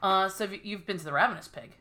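Woman podcast co-host, bright-voiced, opinionated, quick to laugh. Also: medium pitch. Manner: emphatic, opinionated, laughs often. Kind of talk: casual chat.

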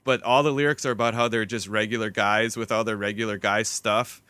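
A young Wisconsin man hosts a loose podcast chat, rambling through his stories and laughing easily. His voice is bright and clear. It sounds dry and close to the mic. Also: on the low side, steady tone, brisk, no echo. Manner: laughs often, rambling with restarts. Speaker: podcast host. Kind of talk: casual chat.

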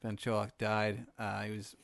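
Deadpan man spinning an absurd tale. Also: lowish voice, normal speed, vocal fry, no room sound. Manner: rambling, deadpan, many fillers and restarts. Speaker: podcast host. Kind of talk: improvised comedic storytelling.

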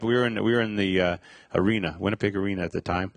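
Low-voiced man giving halting testimony. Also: fairly even intonation, vocal fry, dry recording. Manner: halting, many fillers and restarts. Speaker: speaker sharing a testimony. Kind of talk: personal testimony.

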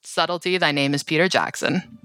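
A woman's voice: deep voice, fairly even intonation, fairly quick, fairly bright tone, no room sound. A woman reading a sarcastic, theatrical recap with a wry comic edge. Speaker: podcast co-host. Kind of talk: comedic scripted recap narration.

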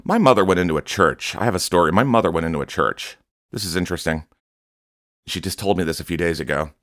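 A man with a deep, low-pitched voice preaches to his podcast listeners in a fervent, scolding tone that makes no secret of his anger. The sound is dry and close, with no room echo around him. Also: fast talker, a bit bright. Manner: fervent, admonishing, openly angry. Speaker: podcast host. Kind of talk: impassioned preaching monologue.

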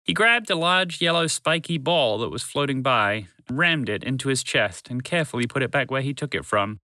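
A man narrating a children's story to listeners in a gentle, unhurried, expressive way. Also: medium pitch, no echo.

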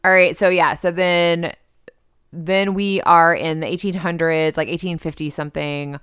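Woman podcast co-host, casual chat, lowish smooth voice, dry close sound. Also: fairly even intonation, normal speed, a bit bright, dry recording. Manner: chatty, laughs often, trails off.

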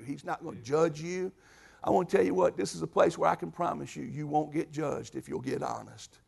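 Gravelly preacher man. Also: a little high. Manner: folksy storytelling, swings from soft asides to loud shouts. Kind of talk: sermon.

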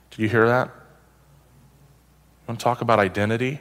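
A man's voice: mid-range voice, steady tone, a little slow, pauses often, a bit bright. A male pastor preaching a sermon, reading scripture aloud and adding wry, conversational asides and questions to the congregation.

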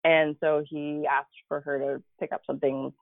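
A woman guest telling a personal story in a conversational interview, animated and laughing, with lots of casual fillers. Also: deep voice, moderate pace, vocal fry, dry recording. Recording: tinny phone-like dry remote audio.

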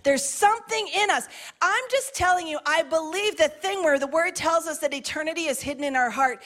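Female preacher with a high voice; earnest, emphatic sermon delivery with conversational asides. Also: a little fast, a bit bright. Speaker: pastor.

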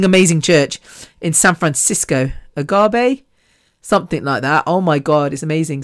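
A podcast host rambles through a casual monologue with a chatty, self-deprecating manner. The voice sits at a middle pitch, and the recording is close and dry, with no room around it. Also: dry recording.

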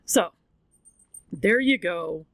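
A woman hosts her podcast and recaps a movie in a slow, unhurried way. She is openly tearful and candid, and she swears freely. The sound is dry and close, with no room echo. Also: on the low side. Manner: candid and expressive, swears freely, acts out voices. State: tearful, crying. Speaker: podcast host. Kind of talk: casual storytelling, movie recap.

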